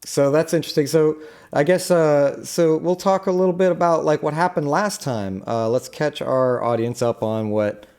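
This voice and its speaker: A young man introduces his live tabletop game as its game master. His tone is warm and mellow and his voice is smooth and resonant. He talks in an easy, halting way, with plenty of fillers between phrases. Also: on the high side. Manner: relaxed, halting with many fillers. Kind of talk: hosting a live tabletop stream.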